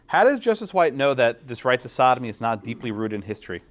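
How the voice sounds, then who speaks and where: Lively male law professor lecturing. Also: mid-range voice, fast. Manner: lively, quizzes students, frequent tag questions. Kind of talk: classroom lecture. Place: lecture classroom.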